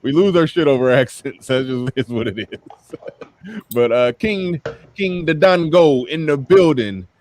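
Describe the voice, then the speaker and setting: A man's voice: on the high side, expressive, measured pace, darkish tone, slight background noise. An American man hosting a livestream, chatting loosely and rambling, laughing often and repeating himself. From United States. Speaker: livestream host. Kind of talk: casual livestream chat.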